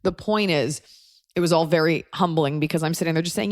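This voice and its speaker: A woman's voice: low voice, expressive, brisk, no echo, studio quality. A woman hosting a podcast, telling a personal story in a wry, conversational way and acting out what others said. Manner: wry, conversational, acts out quoted voices. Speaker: podcast host. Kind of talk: comedic storytelling monologue.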